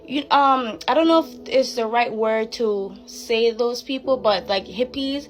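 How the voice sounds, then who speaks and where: A woman's voice: a little high, unhurried, hardly any pauses. A young woman giving casual Christian advice to her viewers in an earnest, preachy way, with loose fillers. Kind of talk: casual faith talk to camera. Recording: music playing behind the voice.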